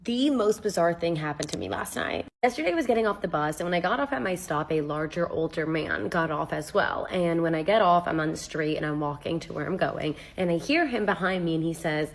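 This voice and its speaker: A woman's voice: fairly low pitch, brisk, few pauses. A young woman animatedly telling a funny, jokey personal story in a casual storytime style. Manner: animated, jokey, swears freely.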